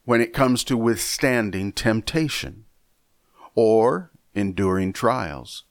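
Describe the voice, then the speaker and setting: A man teaching a Bible lesson in a measured, deliberate way, often repeating a word as he thinks. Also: fairly low pitch, lively intonation, no room sound, clean studio sound. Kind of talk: sermon lesson.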